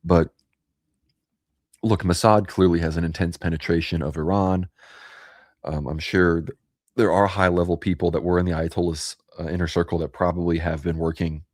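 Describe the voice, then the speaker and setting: Very deep man with hiccups, dry sound. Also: darkish tone, dry recording. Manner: reads out news and chat comments. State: has hiccups. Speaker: co-host. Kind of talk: casual political commentary.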